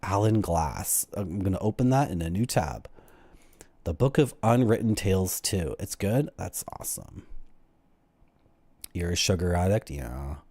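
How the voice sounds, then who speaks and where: A Canadian game streamer chats casually with viewers during a livestream, joking, rambling, and slipping into silly voices. His voice sits low and sounds expressive, warm, and slightly rough, and he talks a little slowly. The recording is dry.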